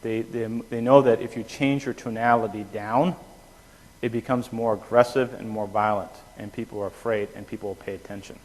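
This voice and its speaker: A man's voice: lowish voice, steady tone, normal speed. A man giving a classroom lecture on anesthesia, explaining with homespun analogies and checking in with "okay?" after each point. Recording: reverberant lecture hall.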